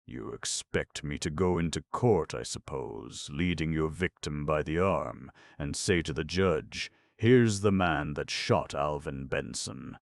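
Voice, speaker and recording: A man's voice: a bass voice, measured pace, gravelly, few pauses, dry recording, clean studio sound, exaggerated voice. A man reading an audiobook, voicing a stern, indignant district attorney who speaks bluntly and coldly. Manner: blunt, exasperated and cold.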